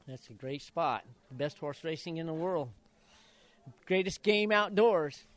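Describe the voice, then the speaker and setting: In an interview, a retired jockey in his sixties from Idaho tells lively anecdotes and acts out the quotes. His voice sits on the high side and is unhurried, with no room sound.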